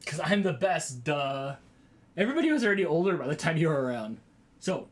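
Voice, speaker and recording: Excitable man rambling on a livestream. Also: on the high side, fairly quick. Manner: rambling, excitable, often exclaims. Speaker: vlogger hosting a livestream. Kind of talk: casual livestream chat with viewers.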